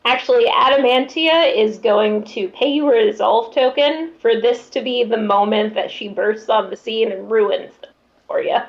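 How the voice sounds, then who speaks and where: Slow, high-voiced woman running a tabletop game, lo-fi mic. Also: gravelly. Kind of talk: tabletop role-play narration.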